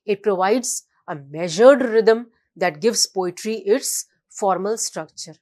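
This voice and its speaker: Woman teaching a class, talks real slow and careful, spells out definitions and examples, the odd uh. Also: medium pitch, a little mellow. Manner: fillers, restarts. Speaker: lecturer. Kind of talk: recorded classroom lecture.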